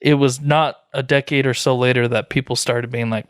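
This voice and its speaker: A man co-hosts a casual podcast chat with blunt, joking remarks. His voice sits at a middle pitch and sounds close and dry. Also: little pitch movement, a little fast, no echo. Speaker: podcast co-host.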